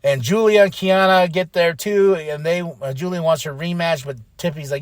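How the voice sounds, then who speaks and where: A man hosting a podcast, giving an excitable, casual recap full of fillers and acted-out quotes. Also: fairly high pitch, a little fast, few pauses, no echo, studio quality. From Flagstaff, Arizona. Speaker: podcast host.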